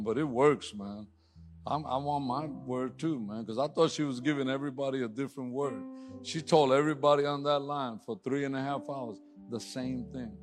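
A man preaching and praying, who jokes casually, says "man" a lot, then rises to loud, fervent prayer. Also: medium pitch. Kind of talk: sermon and prayer.

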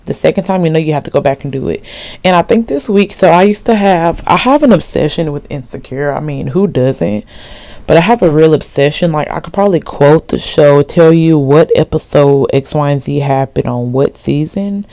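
A woman's voice: sits low, normal speed, mellow, dry recording. A woman in her twenties hosting a solo podcast in a rambling, slangy chat full of asides and fillers. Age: 20s. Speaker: podcast host.

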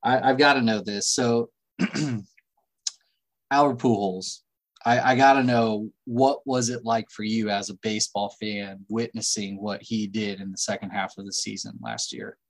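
Slow-talking man host, easy laugh. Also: fairly low pitch, fairly even intonation, low-quality recording. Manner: laughs easily, short eager reactions. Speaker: interviewer, podcast host. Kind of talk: casual interview.

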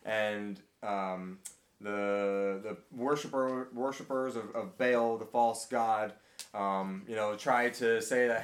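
A man leading a casual Bible study discussion, talking in a halting way with many fillers and restarts. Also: lowish voice, little pitch movement, echoey room. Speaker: group study leader.

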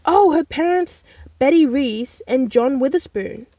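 A young woman, hosting a casual solo podcast from inside a parked car, rambling and chatty with animated exclamations. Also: high voice, measured pace, no echo. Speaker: podcast host.

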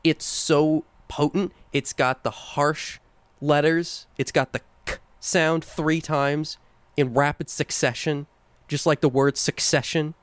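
A man's voice: fairly high pitch, fairly even intonation, takes it slowly, clean tone, no echo. A young man co-hosting a podcast, chatting casually and playfully, savoring the words he talks about. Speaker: podcast co-host. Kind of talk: casual chat.

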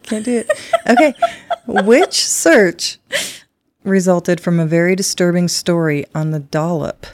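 An American woman co-hosting a podcast in casual chat, quick to joke at her own expense. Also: on the low side, lively intonation, no echo. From United States. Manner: laughing and self-deprecating, quick asides. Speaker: podcast co-host.

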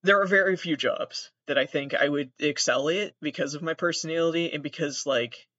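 A man hosting a podcast in a rambling, profane, self-deprecating monologue, with a gravelly, monotone voice. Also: on the high side, fairly quick, no echo. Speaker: podcast host. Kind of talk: casual monologue. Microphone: laptop recording. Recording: dull, dry lo-fi sound.

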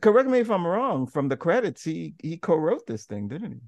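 A man's voice: fairly high pitch, big pitch swings, brisk, gravelly, darkish tone. A man co-hosting a movie-review podcast, talking bluntly and swearing freely. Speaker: podcast co-host. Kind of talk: casual movie-review chat.

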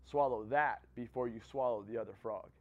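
A man voicing a calm old male guru on a mountaintop who hands out terse, matter-of-fact advice. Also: mid-range voice, moderate pace, narrow, tinny audio, pitched below the performer's own voice, close to an everyday voice.

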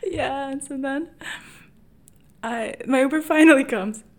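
A woman's voice: high-pitched, unhurried. A young woman hosting her own podcast, telling a personal story in a candid, self-mocking way and often laughing at herself. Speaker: podcast host.

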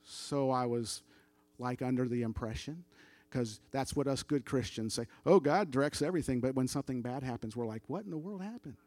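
A man's voice: mid-range voice, fairly quick, darkish tone, no room sound. A middle-aged man telling a story as a church testimony, casual and conversational, acting out the dialogue of the people he quotes. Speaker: church member giving testimony.

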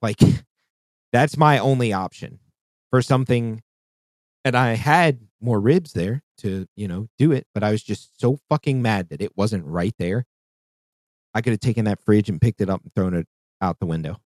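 Man, casual podcast chat, rambling, heavy swearing, lowish voice, dry close mic. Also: moderate pace, darkish tone, no echo. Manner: profane, rambling, restarts often. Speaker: podcast co-host.

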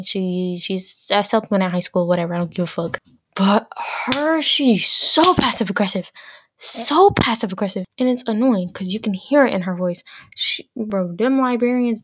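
A woman's voice: mid-range voice, no room sound, clean studio sound. A teenage girl hosting her own podcast, ranting bluntly and exasperatedly with lots of filler words. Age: teens. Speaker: podcast host. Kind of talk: casual solo rant.

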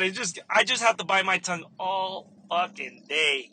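A young adult man and stand-up comedian, telling a story in a casual vlog with lots of swearing and animated impressions. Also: high voice, normal speed, few pauses, rough recording.

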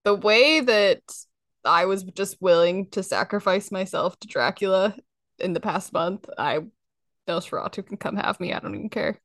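A woman hosting a casual podcast chat, playful and animated, often laughing. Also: mid-range voice, moderate pace, no room sound, clean studio sound. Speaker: podcast host.

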